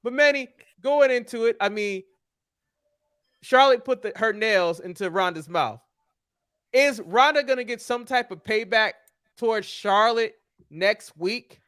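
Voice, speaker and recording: A man co-hosting a casual wrestling recap show, halting and repeating words as he steers the talk. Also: sits high, a bit bright, smooth. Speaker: podcast co-host.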